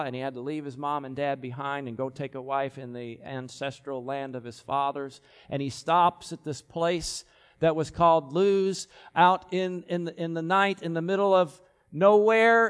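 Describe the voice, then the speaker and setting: A high-pitched male preacher teaches through a scripture passage. He moves between easy conversational asides and loud, emphatic readings that climb sharply. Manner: animated, swells to loud emphatic peaks when reading scripture. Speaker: Bible teacher. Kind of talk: expository sermon.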